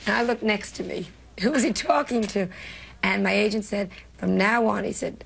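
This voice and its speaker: This gravelly, husky New York woman speaks fairly quickly in a mid-range voice. As a comedian guest on a television interview, she tells stories from memory and acts out the lines she quotes with lots of animation.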